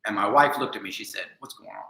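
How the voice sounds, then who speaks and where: A man telling a personal story in an earnest, self-critical monologue, going from quiet and subdued to emphatic. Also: lowish voice, wildly swooping pitch, fast talker, vocal fry. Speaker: vlogger. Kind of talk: confessional monologue. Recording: echoey room.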